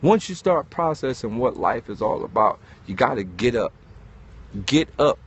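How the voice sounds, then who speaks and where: Man, lively swooping pitch, husky voice, preachy motivational talk. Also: normal speed. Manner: animated, preachy, swearing, addresses listeners as dog. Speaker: host.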